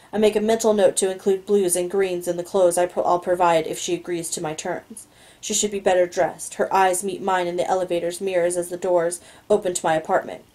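A woman's voice: medium pitch, darkish tone, poor audio. A woman reading a novel aloud, stumbling on words now and then and adding her own asides. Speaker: reader.

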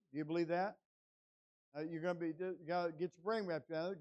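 A man's voice: on the high side, fairly even intonation, darkish tone. Older man preaching a personal story. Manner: halting storytelling with many restarts, building to emphatic preaching. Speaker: guest pastor. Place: church sanctuary.

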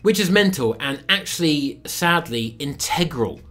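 A young man reviewing a film in a sarcastic comedic commentary, swinging between loud outbursts and muttered asides. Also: fairly high pitch, lively intonation, a little slow.

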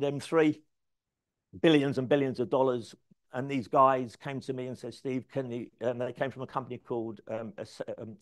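Lively man telling stories on stage. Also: medium pitch. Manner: animated, anecdotal, acts out dialogue. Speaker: speaker. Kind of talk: conference talk storytelling. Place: event stage before an audience.

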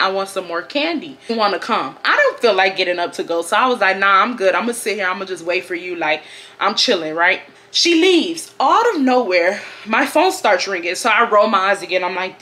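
Lively, bright-voiced young woman from Houston. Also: on the high side. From Houston, Texas. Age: 20s. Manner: animated, acts out quotes with big laughing outbursts. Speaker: vlogger. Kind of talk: casual storytime.

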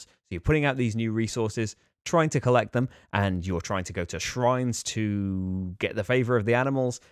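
A man's voice: fairly low pitch, dry recording, clean studio sound. A man hosting a board game channel, talking through a casual rambling preview with enthusiasm, fillers and small laughs.

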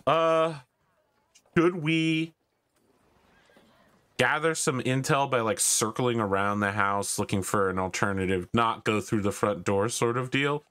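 A man's voice: lowish voice, moderate pace, few pauses, a bit bright, clear, resonant tone. A man playing a tabletop game, chatting casually and joking playfully. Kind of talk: casual tabletop role-play chat.

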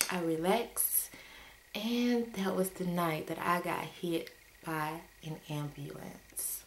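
A woman casually telling a story to her viewers in a vlog, retelling it with exasperated, animated energy. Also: slow, reverberant. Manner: animated, exasperated retelling with sudden pitch jumps.

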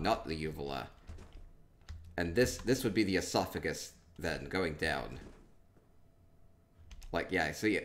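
A man with a low-sitting voice tours player homes in a game on a live stream, offering casual commentary. He's playful and rambling, thinking out loud as he goes.

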